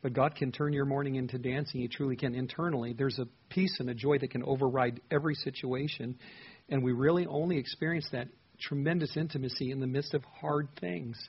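A man's voice: mid-range voice, steady tone, brisk, slightly rough, highs cut off. A man preaching a conversational sermon, teaching through a psalm verse by verse and voicing the psalmist's prayers. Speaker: pastor.

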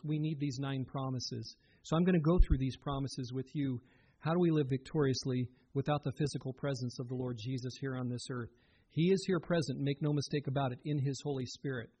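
A man's voice: mid-range voice, dark tone, husky. A man giving a sermon as a pastor, earnest and conversational, often turning to the listeners with direct questions.

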